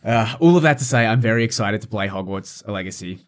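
A man's voice: on the low side, expressive, brisk. A young man co-hosting a casual podcast, ranting in exasperation and peppering his talk with likes. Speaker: podcast co-host. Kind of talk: casual chat.

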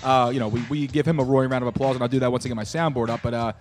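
Fast-talking man hosting a podcast. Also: mid-range voice, steady tone, soft background music. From Philadelphia. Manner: rambling, repeats words, trails off with fillers. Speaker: podcast host. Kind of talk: casual sports chat. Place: bar.

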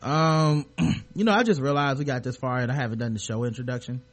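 A male podcast host in casual chat, recapping a TV episode with profane, animated retellings and acted-out quotes. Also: mid-range voice, brisk.

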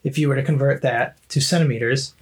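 A man's voice: mid-range voice, fairly even intonation, quick pace, husky. A man co-hosting a podcast, patiently explaining a subject through everyday comparisons in casual chat. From United States. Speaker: podcast co-host.

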